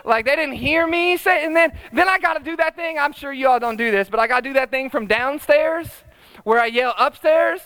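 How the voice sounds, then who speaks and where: A man's voice: very high-pitched, a little fast, sharp tone, no echo. A middle-aged man preaching a sermon, chatty and humorous, often checking in with the congregation. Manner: conversational, tag questions, humorous asides. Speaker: pastor.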